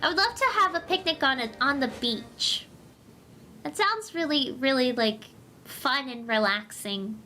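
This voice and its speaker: A woman's voice: high voice, animated, unhurried, sharp tone, soft background music. A young woman hosting a livestream, chatting casually and gushing with giggles while she reads comics. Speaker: livestream host.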